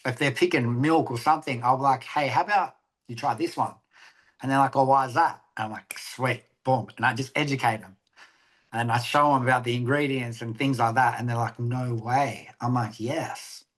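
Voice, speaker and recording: A man's voice: medium pitch, moderate pace, a bit bright. A man with an Australian accent, a guest on a podcast, chatting casually, swearing freely and acting out conversations as he tells stories. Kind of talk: casual interview chat.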